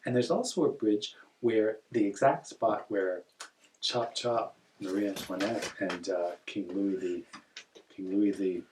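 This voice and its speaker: A man from northern Ontario chatting casually, telling lively, rambling stories full of self-corrections. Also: lowish voice, a little slow, recorded from a distance, noisy background. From northern Ontario, Canada. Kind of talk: casual chat.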